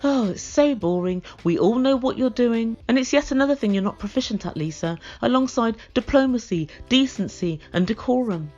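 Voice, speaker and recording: Lady doing a snarky reality tv recap, kinda high voice, dull lo-fi sound. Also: lively intonation, normal speed, few pauses, mellow. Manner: blunt, sarcastic, mocking. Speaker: reality TV reviewer. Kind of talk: comedic recap commentary.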